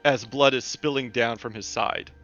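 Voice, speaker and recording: A man's voice: medium pitch, fairly even intonation, normal speed, fairly bright tone. A man narrating as game master of a tabletop game, with loose, filler-filled description. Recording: dull lo-fi voice call with faint music.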